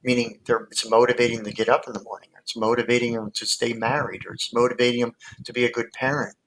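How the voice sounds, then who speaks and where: A man's voice: medium pitch, flat delivery, fast, background noise. Rambling male hypnotist on a video call. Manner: rambling, storytelling with many fillers and restarts. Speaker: hypnotist guest. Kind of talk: casual conversational explanation.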